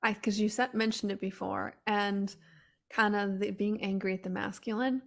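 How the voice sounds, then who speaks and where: A woman hosting a podcast, chatting in a relaxed way and sharing her own similar experiences with her guest. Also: mid-range voice, moderate pace, vocal fry. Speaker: podcast host. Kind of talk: conversational interview chat.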